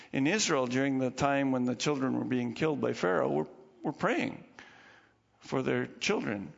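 A gravelly, fairly high-voiced man preaches, retelling stories and popping into quick voices for the people in them. His voice carries a long hall reverb on a dull, lo-fi recording. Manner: storytelling with acted quotes and chuckles. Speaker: pastor. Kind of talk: sermon.

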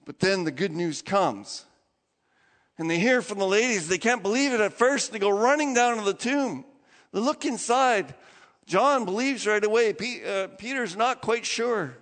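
A man preaching a sermon as pastor, telling stories in an animated way with laughs and acted-out quotes, in a church. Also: high voice, moderate pace, in a large hall.

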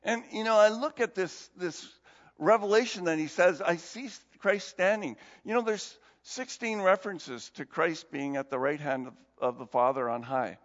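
A male pastor gives a conversational, animated sermon in a high voice. The recording is dull and lo-fi, with a long hall reverb around him. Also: moderate pace.

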